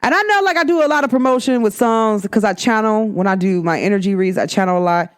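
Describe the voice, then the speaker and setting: A woman's voice: mid-range voice, animated, quick pace, clear, resonant tone. Chatty woman giving a spiritual energy read. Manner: chatty, repetitive, emphatic with frequent "like" and "guys". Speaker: spiritual energy reader and show host. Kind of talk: casual spiritual vlog talk.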